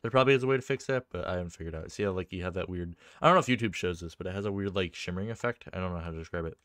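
A man with a somewhat low voice talks through a game he is playing in loose, casual commentary. He rambles, restarts his sentences and fills gaps with ums, and he gets easily excited. The sound is dry and close, with no room around it. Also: very fast, dry recording. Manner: rambling and chatty, full of fillers and restarts. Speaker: game map creator and video creator.

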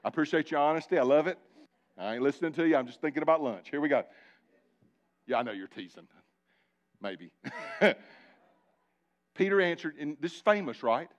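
A man preaching a live sermon in church, animated and joking with his congregation, calling on them directly. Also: fairly high pitch, fairly quick, pauses often, dull audio. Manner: animated, talks directly to the congregation with asides and jokes. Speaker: pastor. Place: church sanctuary before a congregation.

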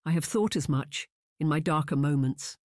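A wistful young noblewoman pining for a lost love, read by an audiobook narrator. She speaks in hushed, tired tones, close and dry, with a mid-range voice. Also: mid-range voice, normal speed, dry recording, lightly acted. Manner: hushed, resigned delivery. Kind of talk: audiobook character reading.

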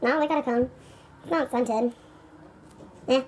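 A careless, lazy girl squishy seller, played by a woman who mutters to herself and shrugs off every mistake. Her voice sits very high. She talks in an offhand, couldn't-care-less way. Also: unhurried, noisy background.

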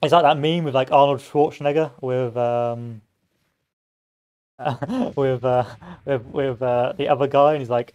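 A man's voice: mid-range voice, fairly even intonation, unhurried, a little mellow, smooth. Man rambling through gameplay commentary. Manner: rambling history tangents with joking asides. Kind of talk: casual let's-play commentary.

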